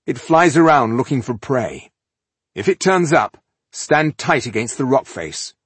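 A man voicing a male dwarf scout who gives loud, commanding warnings in a storybook reading. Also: medium pitch, very animated, very slow, breathy edge, no echo, pitched above the performer's own voice, exaggerated voice.

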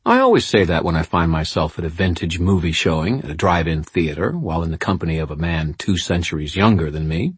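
A male narrator voicing a composed older woman with dry, wry wit and a calm delivery. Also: low voice, fast talker, hardly any pauses, husky, no echo, exaggerated voice.

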